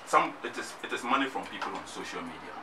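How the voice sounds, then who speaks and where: Speaking quickly in a lowish, expressive voice, the man with a Ghanaian English accent is a musician and activist appearing as a radio interview guest. He hammers his arguments and repeats them. Studio noise is audible and the microphone is distant.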